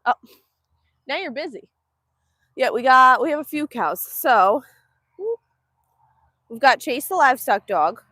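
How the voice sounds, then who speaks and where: A high-pitched woman chats on a livestream, her voice bouncing up and down as she reads comments and coos at the animals. She is outdoors and speaks into a phone. The sound is close and dry. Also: expressive, unhurried, long pauses, pushed and bright, no echo. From Northeast Texas. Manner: chatty and affectionate, uses sing-song baby talk to animals. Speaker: livestream host. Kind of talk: casual livestream chat, reading viewer comments. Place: outdoors at a foggy cow pen.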